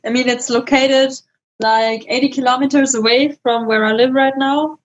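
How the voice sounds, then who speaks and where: Female podcast guest, unhurried and chatty with easy laughs, slightly high voice over a dull lo-fi line. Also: fairly even intonation, a little hiss or hum. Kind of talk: casual chat.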